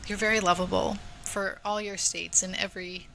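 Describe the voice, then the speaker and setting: A woman co-hosting a podcast in open, casual talk, quick to laugh. Her voice is bright and sharp, with a faint hum of noise behind it. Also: medium pitch, little pitch movement, gravelly, low-quality recording. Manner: warm, laughs often, open. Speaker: podcast co-host. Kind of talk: casual chat.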